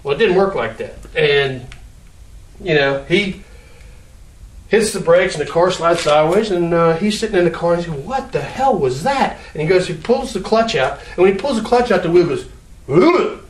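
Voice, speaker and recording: A man casually telling a made-up story, acting out sounds and gestures as he goes. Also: high-pitched. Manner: animated, acts out sounds and gestures. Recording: roomy echo, mic at a distance.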